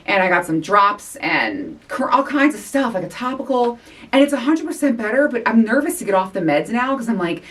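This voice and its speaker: A middle-aged woman hosting her own podcast, talking candidly and excitably, a little out of breath, with sighs and laughs. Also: on the high side, brisk, distant mic. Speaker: podcast host. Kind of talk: casual chat.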